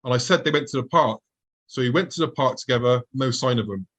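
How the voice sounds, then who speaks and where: A man's voice: medium pitch, fast talker, fairly bright tone. A man, a podcast guest telling an earnest, vivid story of his own experiences. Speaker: guest recounting UFO encounters. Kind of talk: personal storytelling.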